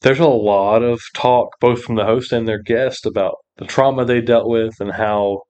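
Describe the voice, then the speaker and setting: A man's voice: mid-range voice, fairly even intonation, moderate pace, darkish tone, clean tone. Hesitant man in casual chat. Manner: hesitant, many fillers and restarts. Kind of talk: casual film discussion.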